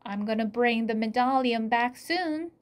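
A woman voicing a tired, cautious young boy in a storybook reading, quiet and earnest. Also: high-pitched, very animated, takes it slowly, pitched above the performer's own voice, full character voice.

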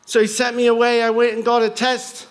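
A man's voice: very high-pitched, monotone, brisk, poor audio. A middle-aged American man giving a personal testimony talk, earnest, with light self-deprecating humor. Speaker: guest speaker.

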